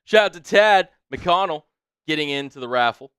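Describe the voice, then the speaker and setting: A man co-hosting a live fan stream, throwing in quick hype lines and reading out shout-outs from the chat. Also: fairly high pitch, lively intonation, clean tone, no echo. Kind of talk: hyped banter on a live stream.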